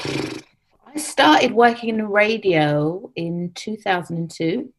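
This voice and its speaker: A woman's voice: mid-range voice, expressive, slow. Emphatic woman in her forties. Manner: emphatic, repeats key points. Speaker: radio producer. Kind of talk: casual interview chat.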